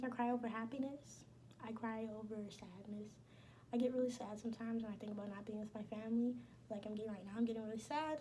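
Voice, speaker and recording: A woman's voice: a little high, mellow, slight background noise. A young woman talking casually and bluntly to her viewers, slangy and emphatic. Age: young adult. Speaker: vlogger. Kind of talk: casual chat.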